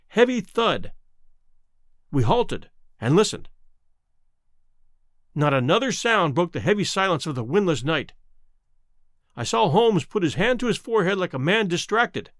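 A man narrating a classic novel as an audiobook in a dramatic, expressive way. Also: sits high, no echo, studio quality.

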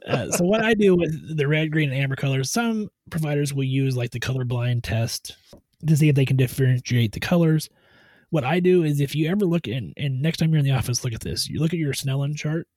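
A man who gives medical exams, explaining his routine step by step in a steady, methodical way on a podcast. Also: fairly high pitch, fairly quick, no echo. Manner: steady, methodical, tries to stay on task. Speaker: medical provider doing truck-driver physicals.

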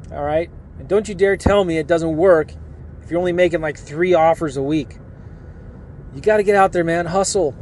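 A middle-aged man gives a casual, energetic podcast pep talk from his parked car, with a somewhat high voice. He rambles, restarts his sentences and pushes hard on his points. Faint car and street sounds hum behind him. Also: moderate pace. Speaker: podcast host and coach. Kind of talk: casual motivational podcast monologue.

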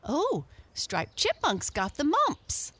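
A woman voicing a group of playful, teasing little breezes in a storybook reading, with an excited, pleading manner. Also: lowish voice, measured pace, dry recording, heavily acted. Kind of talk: storybook read-aloud.

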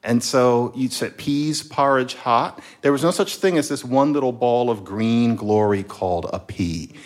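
A man, a linguist guest, explaining word histories in a playful, lively way during a casual chat. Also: medium pitch, moderate pace.

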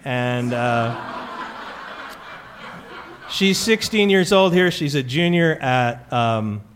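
A man's voice: mid-range voice, expressive, slow, a bit bright, smooth. A man from California hosting a trivia show before a live audience, telling stories in a chatty, joking way with plenty of fillers. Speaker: quiz show host.

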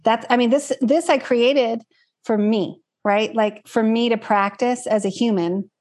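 Guest, woman; warm-hearted earnest talker, wandering phrasing. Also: on the high side, steady tone, a little slow. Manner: earnest, reflective, rambling with fillers. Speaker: guest, card deck creator. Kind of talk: casual interview chat.

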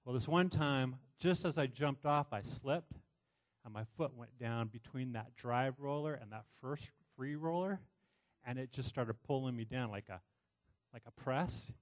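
A middle-aged man preaching, telling a personal story in an animated way with many restarts. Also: medium pitch, unhurried. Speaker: pastor.

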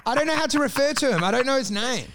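High-voiced man chatting. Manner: animated storytelling, swearing, quick laughs. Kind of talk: casual podcast chat.

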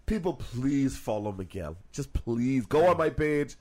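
A young man co-hosting a podcast, telling stories in a profane, animated way and putting on voices for the people he quotes. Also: medium pitch, unhurried. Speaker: podcast co-host. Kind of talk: casual podcast banter.

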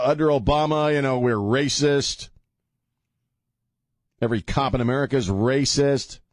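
A man's voice: mid-range voice, no room sound. A man hosting a talk radio show, ranting with heavy sarcasm into a studio microphone.

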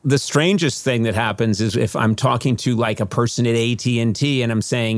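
Animated storytelling man, dry close sound. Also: mid-range voice, brisk, few pauses, no echo. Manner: animated, does lively voices in his anecdotes. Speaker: podcast guest. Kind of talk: casual storytelling.

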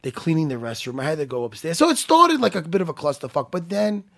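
Man, casual chat, slightly high voice, animated, swears freely. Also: fast, creaky.

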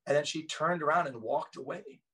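A man's voice: on the high side, brisk, fairly bright tone, recorded from a distance, rough recording. Earnest man speaking a bit off-mic. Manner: earnest and emphatic. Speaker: podcast guest, author and former police officer. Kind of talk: casual storytelling conversation.

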